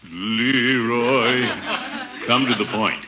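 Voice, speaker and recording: An actor playing a pompous, easily flustered middle-aged bachelor in a 1940s radio comedy, blustering and chuckling. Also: male voice, medium pitch, steady tone, very slow, over a noisy crowd. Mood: blustery. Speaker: water commissioner. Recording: dull old radio broadcast with faint hiss.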